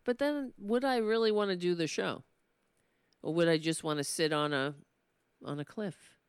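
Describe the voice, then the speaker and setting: A woman's voice: on the low side, normal speed, clear, resonant tone, dry recording, studio quality. A woman hosting a political commentary show with a New York accent, talking in a sardonic monologue that builds into impassioned ranting.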